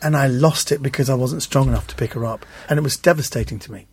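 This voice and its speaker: A man guest telling animated anecdotes in an interview, acting out the voices of people in his stories. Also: medium pitch, fast, breathy edge, no room sound. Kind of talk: anecdotal storytelling.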